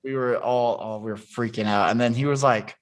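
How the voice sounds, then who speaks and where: Animated storytelling man, podcast guest. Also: medium pitch, a little fast. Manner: animated storytelling, acts out quoted voices, swears. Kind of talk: casual chat.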